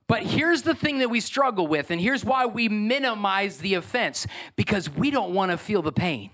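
A high-voiced man delivers a sermon from the pulpit. He preaches in an animated, emphatic way, leaning hard on each point. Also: normal speed, hardly any pauses. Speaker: pastor.

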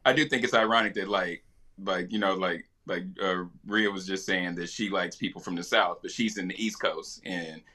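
A man's voice: low voice, steady tone, normal speed, pushed and bright. A man co-hosting a casual talk show, laid-back and rambling with lots of fillers. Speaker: co-host. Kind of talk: casual radio-show chat.

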